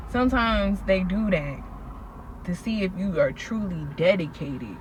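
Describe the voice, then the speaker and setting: A woman telling a personal faith story in a casual vlog, slangy and animated as she recounts events. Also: fairly low pitch, slight background noise. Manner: animated storytelling, acts out quoted people, slangy. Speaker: faith vlogger.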